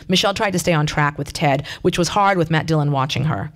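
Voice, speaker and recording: A reader narrating a short story aloud in a plain, conversational manner. The voice sits at a middling pitch and moves along steadily, now and then stepping out of the text for a casual aside. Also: fast. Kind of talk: reading fiction aloud.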